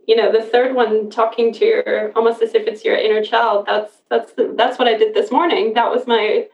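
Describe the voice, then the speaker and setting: A woman hosting a casual podcast conversation, chatty and quick to laugh, often restarting her sentences. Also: fairly high pitch, level tone, creaky. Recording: roomy, distant, dull sound.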